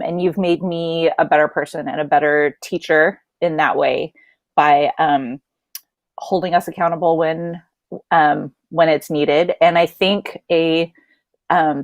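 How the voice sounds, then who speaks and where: Woman teacher, low voice, halting sincere blessing, dry sound. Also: dry recording. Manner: halting, many ums, sincere. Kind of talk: heartfelt blessing speech.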